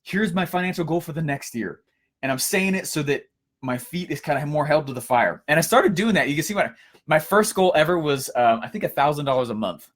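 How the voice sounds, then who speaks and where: Man teaching, casual coaching talk, energetic storyteller, restarts and fillers. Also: on the high side, brisk. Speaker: course instructor.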